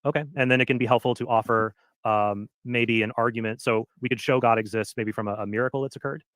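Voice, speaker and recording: A man cross-examines his opponent in a formal debate, asking pointed questions with small hesitations. He talks at a brisk pace in a mid-range voice. The recording is dry and close. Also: mid-range voice, steady tone, fairly bright tone, no room sound. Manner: probing questioner, hesitant fillers.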